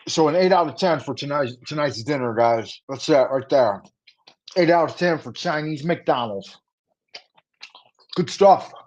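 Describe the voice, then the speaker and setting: A man's voice: a little high, lively intonation, normal speed, muffled recording. A man hosting a casual livestream food review, talking to his viewers in a playful, chatty way with rhyming patter and asides. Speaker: livestream host. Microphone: livestream setup.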